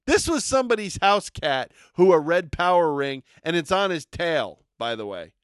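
Upbeat man, smooth voice, dry mic. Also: fairly high pitch, big pitch swings, normal speed, no echo. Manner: enthusiastic, rambling, hypes products. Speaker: podcast co-host reviewing toys and collectibles. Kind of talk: casual podcast chat.

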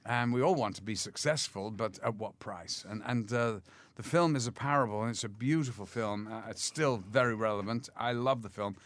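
An older man being interviewed, telling lively anecdotes and mimicking others as he goes. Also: moderate pace. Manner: lively storyteller, mimics others with big pitch jumps, laughs often. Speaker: actor guest.

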